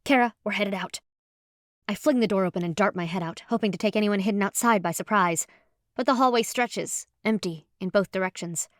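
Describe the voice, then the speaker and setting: A woman narrating a first-person audiobook in a lively, expressive storytelling manner. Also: mid-range voice, fairly quick, dry recording. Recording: dry close studio sound.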